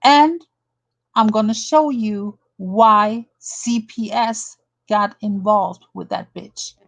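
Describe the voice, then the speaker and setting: A woman's voice: mid-range voice, slow, gravelly, poor audio. A woman from Germany doing a blunt, indignant drama commentary, calling someone out and reading an article aloud. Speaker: commentary vlogger.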